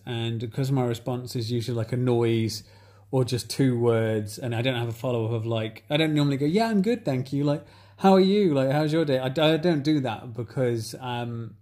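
A man in casual chat, talking in a flat, hesitant, self-reflective way with many pauses and fillers. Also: mid-range voice.

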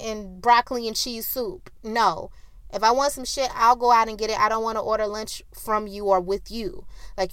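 A woman hosting a solo podcast, telling a story in a heated, profane way and acting out arguments loudly. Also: fairly high pitch, clear, resonant tone, dry recording. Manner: acts out quoted arguments loudly. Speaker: podcast host.

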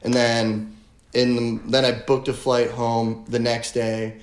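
A man's voice: mid-range voice, flat delivery, takes it slowly. A young man telling a story in casual podcast chat, rambling with lots of filler words and swearing. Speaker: guest. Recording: roomy echo.

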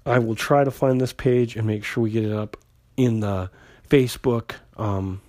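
A man's voice: lowish voice, fairly even intonation, normal speed, darkish tone, no room sound. A man recapping an old comic book issue in a casual, rambling way, with many fillers and restarts. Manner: conversational, lots of fillers and restarts, paraphrases characters loosely. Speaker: comic book podcast host.

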